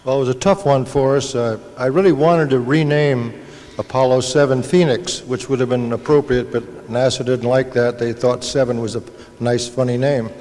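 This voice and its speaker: A man's voice: mid-range voice, fairly even intonation, moderate pace, a little mellow. An older man on a panel recounting stories with dry humor and an easygoing manner. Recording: long hall reverb.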